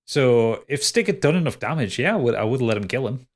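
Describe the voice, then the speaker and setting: A man's voice: medium pitch, expressive, fairly quick. A man hosting as game master, wrapping up the episode in a rambling, laughing way and swearing casually. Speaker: game master and podcast host. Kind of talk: casual podcast outro and plugs.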